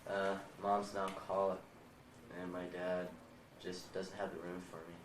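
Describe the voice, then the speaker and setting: A man's voice: sits low, little pitch movement, moderate pace. A seventeen-year-old boy telling a rambling, profane story as he is interviewed at a house. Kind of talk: casual storytelling. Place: indoors in a house. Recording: roomy, distant, noisy 1990 home video.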